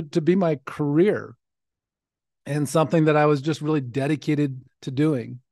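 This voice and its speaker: A man's voice: fairly high pitch, a little mellow, no echo, clean studio sound. A man in his forties, hosting a podcast, telling his life story in an earnest, reflective way. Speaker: podcast host. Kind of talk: personal storytelling monologue.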